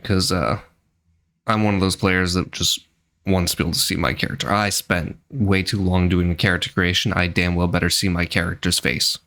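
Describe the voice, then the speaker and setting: Low-voiced man casually commenting on gameplay. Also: level tone, moderate pace, bright, forceful tone. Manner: chatty, blunt, self-deprecating. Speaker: VTuber streamer.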